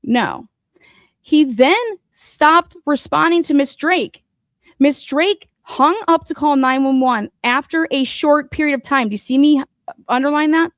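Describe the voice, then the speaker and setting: A woman hosting a true crime show, her voice sitting high as she talks bluntly and swears freely. She piles on fillers while she retells the case, and the sound is dry and close. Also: a little slow, no echo. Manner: profane and blunt, retelling events with lots of fillers. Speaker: host. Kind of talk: true crime podcast chat.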